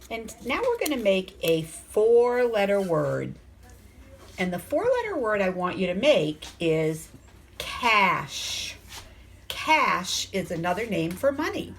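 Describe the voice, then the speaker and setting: Woman, phonics teacher, slow, lively sing-song pitch, coaxing questions. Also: slight background noise. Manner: slow, sounds out letters and words; coaxing, asks the class questions. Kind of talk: phonics lesson for young children.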